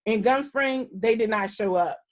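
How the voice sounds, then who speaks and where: A woman's voice: fairly high pitch, normal speed. A woman guest, a minister, telling a personal story in an interview in a candid, earnest way, acting out the lines of the people in it.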